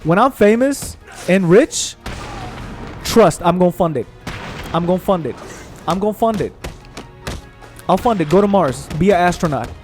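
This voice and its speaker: A young man hosting a gaming channel, ranting in a heated, profane, animated way while he plays. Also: high-pitched, moderate pace, pauses often, faint music behind. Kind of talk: ranting commentary over gameplay.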